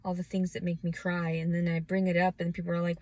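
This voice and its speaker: Woman, 30s, lowish voice, scattered emotional rant, dry close sound. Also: monotone, quick pace, few pauses, darkish tone, dry recording, rough recording. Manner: scattered, emotional, restarts often and fights back tears. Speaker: vlogger. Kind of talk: rambling personal rant. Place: outdoors.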